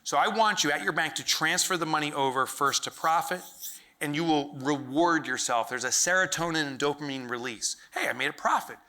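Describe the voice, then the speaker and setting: A man giving a comedic keynote talk to a live audience, acting out little voices and shouting punchlines. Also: fairly high pitch, brisk. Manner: animated, acts out silly voices, shouts punchlines. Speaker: keynote speaker. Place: large event hall with live audience.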